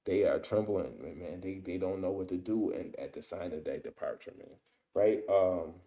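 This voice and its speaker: A deep, mellow-voiced man leads an informal scripture study. He reads a verse, then breaks it down in loose everyday talk, tagging his points with "man" and "right?". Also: normal speed, lo-fi sound. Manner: reads verses aloud then explains them. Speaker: Bible teacher.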